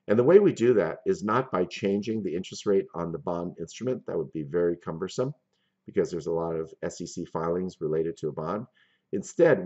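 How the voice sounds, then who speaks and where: A man with a very low voice lectures on finance and walks through each example step by step. The recording sounds dull and lo-fi. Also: normal speed, warm tone. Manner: methodical, explains step by step with worked examples.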